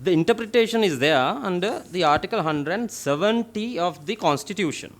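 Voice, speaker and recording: A middle-aged man with a Sri Lankan English accent, testifying as a legal officer before a parliamentary committee, reading constitutional clauses in a deliberate, formal way. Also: sits high, lively intonation. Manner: deliberate, formal, reads clauses aloud with stressed words.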